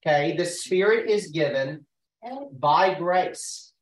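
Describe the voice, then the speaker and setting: Casting: male study leader, slightly high voice, lively and searching, distant echoey room. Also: slow. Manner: animated, thinks aloud with restarts and rhetorical questions. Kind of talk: teaching a group Bible study.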